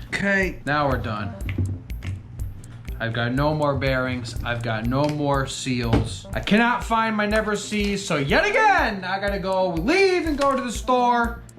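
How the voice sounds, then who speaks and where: A woman's voice: sits low, very animated, a little slow, over music. A woman hosting a repair vlog, muttering and swearing in frustration as she works in a hot garage. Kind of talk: casual hands-on repair vlog.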